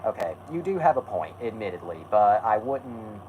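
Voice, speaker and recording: A man's voice: fairly low pitch, very animated, moderate pace, phone-quality sound, a little hiss or hum. A man hosting a casual stream, rambling and correcting himself while answering chat. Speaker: host.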